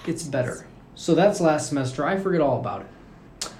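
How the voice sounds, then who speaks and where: Animated young man telling a story. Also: fairly high pitch, normal speed. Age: young adult. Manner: animated, filler-heavy, swearing, acts out quoted voices. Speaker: podcast co-host. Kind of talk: casual storytelling chat. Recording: echoey room with faint noise.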